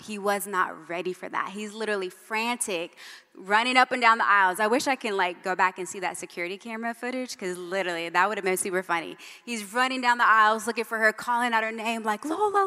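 Bright-voiced woman preaching in a hall. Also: mid-range voice. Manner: conversational, frequent "right?" asides. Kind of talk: sermon with personal stories. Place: church hall. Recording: long church hall reverb.

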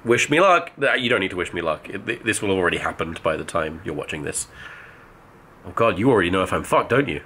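A man's voice: sits low, sing-song, quick pace, sharp tone, a little hiss or hum. Rambling man vlogging. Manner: chatty, rambling with frequent restarts. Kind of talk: casual vlog.

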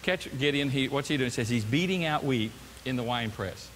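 A man preaching a sermon as pastor, animated and acting out the voices of the people he quotes, in a church sanctuary. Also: medium pitch, brisk, long reverb tail, a little hiss or hum.

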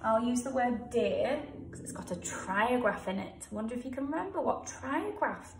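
A primary school teacher with an English accent leads young pupils through a writing task. Her voice comes from a distance, caught by a camera set back in a roomy, echoing space. She goes slowly and patiently, sounding out each word. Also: fairly high pitch, expressive, gravelly, background noise. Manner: slow, sounds words out letter by letter. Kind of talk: home-learning writing lesson for young children. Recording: echoey room, voice from a distance.

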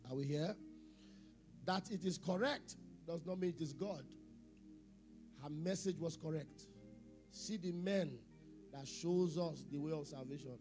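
Over music, a middle-aged pastor delivers his sermon unhurriedly and pauses often, his voice on the high side. He asks the congregation questions, repeats phrases, and moves between loud emphasis and quiet asides.

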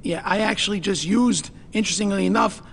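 A high, gravelly male voice rambles eagerly as an actor selling himself at an audition. The sound rings with a long echo and a faint hiss behind it. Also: a little fast, a bit bright. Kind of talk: comedy sketch.

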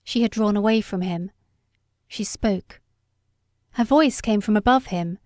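A woman reading a story aloud as an audiobook narrator, in a measured, unhurried way. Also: medium pitch, darkish tone, dry recording, studio quality. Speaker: audiobook reader. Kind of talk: scripted narration.

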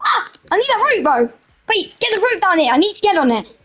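A woman hosting a gameplay video, shouting and teasing her way through chaotic rounds. Her voice sits very high and swings widely in pitch as she yells, laughs and cries out for help. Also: very animated, a little fast. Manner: loud, playful, frantic yelling and teasing. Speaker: gaming video host. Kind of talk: excitable gameplay commentary.

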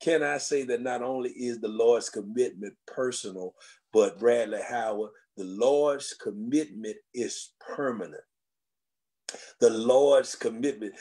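A pastor preaching from a church pulpit. His voice sits at an ordinary male pitch. He climbs into a whooping cadence and stretches phrases out. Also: unhurried, mellow. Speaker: senior pastor. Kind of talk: Black church sermon. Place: church sanctuary.

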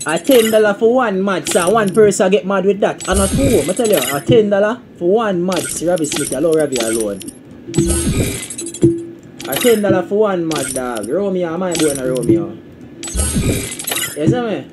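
A man with a Jamaican accent live-streaming to his viewers, repeating catchphrases and breaking into sudden high, loud outbursts. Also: lively intonation, moderate pace, heavy background noise. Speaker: game streamer.

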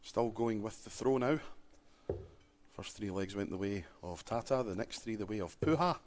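A man commentating on a darts match in a relaxed, chatty way, laughing easily between calls. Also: on the low side, moderate pace. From Wales. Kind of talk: live sports commentary.

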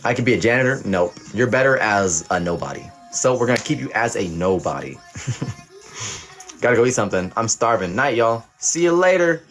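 A young man's voice, on the low side and a bit bright, sounds animated and brisk against soft background music. He hosts a livestream as a joking teacher who reads the chat and delivers profane, teasing pass-or-fail verdicts.

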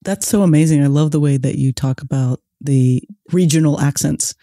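A woman's voice: sits low, normal speed, warm tone, no room sound, clean studio sound. A woman co-hosting an interview, responding with enthusiasm and agreement. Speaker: podcast co-host. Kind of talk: casual interview talk.

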